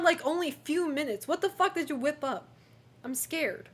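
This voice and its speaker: A woman's voice: high voice, animated, moderate pace, a bit bright. A woman streaming live, chatting casually with her viewers, giggling often and swearing now and then. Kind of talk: casual livestream chat.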